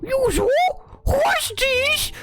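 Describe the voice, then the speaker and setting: Catty rich young woman, shrill and possessive, voiced by a woman reader. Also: extremely slow, a bit bright, faint music behind, heavily acted. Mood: snide. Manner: snide, confrontational.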